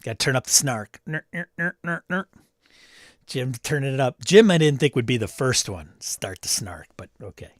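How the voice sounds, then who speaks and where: A man's voice: mid-range voice, expressive, a little fast, few pauses, no echo, studio quality. A man hosting a casual live-stream chat about tabletop games, greeting viewers by name, reading chat aloud and adding snarky asides. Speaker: livestream host.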